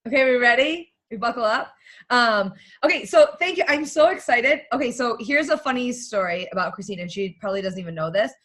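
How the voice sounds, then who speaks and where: Blunt, energetic woman coach. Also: on the high side, fairly quick. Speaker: guest coach. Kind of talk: motivational talk on a team call.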